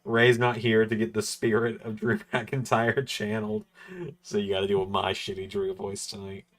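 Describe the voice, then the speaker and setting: Man, low voice, casual livestream chat, rambling, laid-back, chuckles. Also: expressive, moderate pace, creaky. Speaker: livestream host. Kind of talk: casual chat during a wrestling watch-along.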